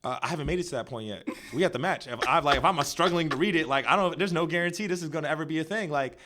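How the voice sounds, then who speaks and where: Young guy on a podcast, talks quick, bright voice, jokey and loose. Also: a little high. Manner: joking, animated storytelling with lots of fillers. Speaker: podcast co-host. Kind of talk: casual chat.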